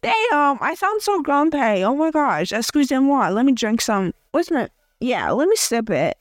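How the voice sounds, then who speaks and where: A woman's voice: sits high, big pitch swings, a little slow, dry recording, studio quality. A young woman from Africa hosting a casual audio journal podcast, chatty and rambling with many fillers and restarts. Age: young adult. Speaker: podcast host.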